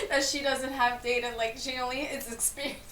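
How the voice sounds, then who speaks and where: Very high-voiced female reaction host. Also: normal speed, recorded from a distance, a little hiss or hum. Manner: lively, mocking interjections. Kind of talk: casual reaction commentary. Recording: echoey room, off-mic.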